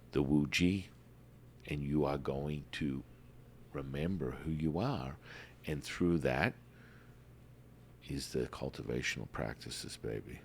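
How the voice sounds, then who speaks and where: A man hosting a spiritual podcast in a casual, animated way, often calling listeners "baby.". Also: extremely low pitch, slight background noise. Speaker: podcast host.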